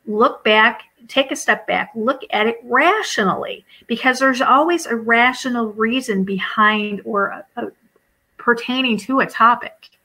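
A woman's voice: on the high side, unhurried, sharp tone, rough recording. A woman hosting a talk show, speaking earnestly and addressing listeners as guys. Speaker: host. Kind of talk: podcast interview.

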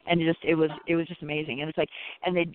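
A man's voice: a little high, flat delivery, rapid-fire, noisy background. A man who practices Reiki, chatting casually in a rambling way, full of "you know" and "it's like". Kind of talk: casual chat. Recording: tinny phone line, dry.

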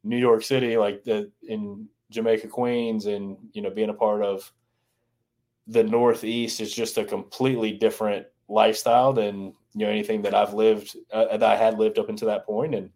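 A man's voice: on the low side, level tone, normal speed, a little mellow. A man from the American South, a former baseball strength coach, talking loosely in a podcast interview with lots of restarts. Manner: rambling, many restarts and "you know"s.

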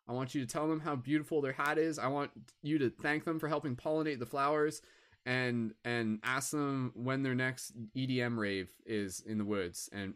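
A young man doing improvised stand-up at an open mic, rambling with lots of filler words and restarts. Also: fairly high pitch. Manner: heckles himself in a mock crowd voice.

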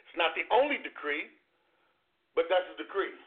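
A male preacher delivers a sermon with a high-pitched voice and an excitable, repetitive delivery. He reads scripture verses and stumbles into restarts as his energy builds. The sound is thin and phone-like. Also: normal speed. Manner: excited, repeats words, reads scripture aloud.

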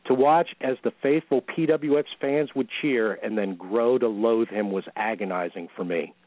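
A man's voice: medium pitch, moderate pace, no room sound. A man co-hosting an internet radio show, reading an open letter in a pompous, mock-solemn way. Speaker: podcast co-host. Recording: tinny phone-line call-in.

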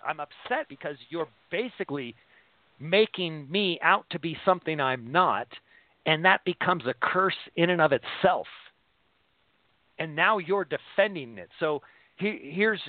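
A man's voice: on the high side, lively intonation, moderate pace, no echo. A man hosting a casual faith discussion, talking earnestly and rambling, often repeating words as he thinks. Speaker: show host discussing scripture. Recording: tinny phone-line sound.

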